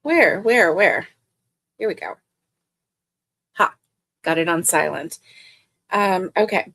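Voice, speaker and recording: A middle-aged woman hosting a casual livestream, chatting warmly and greeting viewers by name. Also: lowish voice, expressive, slow pace, gravelly. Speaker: livestream host.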